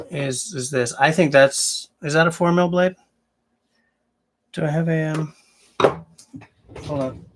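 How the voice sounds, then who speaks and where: A man hosting a casual livestream, answering viewers and thinking aloud as he rambles. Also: fairly high pitch. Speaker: livestream host.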